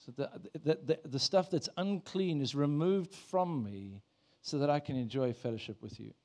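A man's voice: fairly high pitch, normal speed, a little mellow. A man, a pastor, preaching a sermon in a church in a conversational way, asking the congregation questions.

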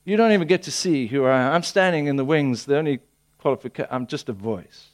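A man voicing a humble, earnest male prophet who speaks in slow, emphatic declarations. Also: mid-range voice, lightly acted.

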